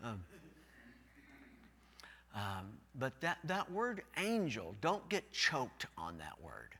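A pastor with a fairly high, bright, forceful voice preaches a folksy sermon that swells loudly on key words. He is recorded in a church, and a long hall reverb trails behind his voice. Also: wildly swooping pitch, takes it slowly.

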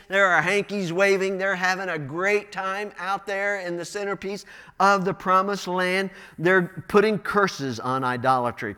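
Animated preacher man with high voice. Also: measured pace, clear, resonant tone, long reverb tail. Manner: animated, rising to emphatic bursts. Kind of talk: sermon. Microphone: wearing a microphone.

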